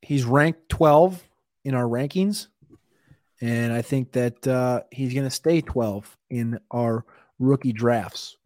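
A man's voice: mid-range voice, slow pace, darkish tone, no echo, studio quality. A man co-hosting a fantasy football draft show, talking through picks in a rambling, casual way, sometimes stuttering on names. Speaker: podcast co-host.

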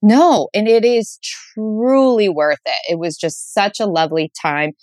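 A woman's voice: medium pitch, steady tone, unhurried, a little mellow, no room sound. A woman guest author on a casual interview show, talking enthusiastically with playful asides and frequent laughter. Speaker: guest author recommending date spots.

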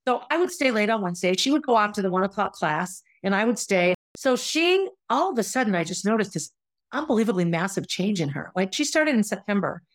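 A woman's voice: medium pitch, sing-song, a little fast, no room sound. Candid middle-aged woman telling her story. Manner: candid and conversational, acts out quoted voices. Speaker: podcast host telling her own story. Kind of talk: personal storytelling monologue.

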